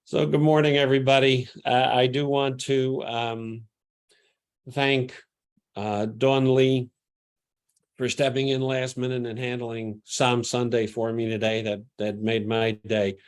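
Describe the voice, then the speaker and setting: Reverend opening sermon, slow, relaxed, gently humorous. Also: male voice, medium pitch, clean tone.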